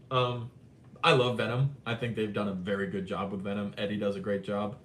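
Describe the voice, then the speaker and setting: A man hosting a live movie chat, talking casually and animatedly, swinging between excited and subdued. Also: brisk. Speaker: live stream host. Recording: roomy with faint rumble.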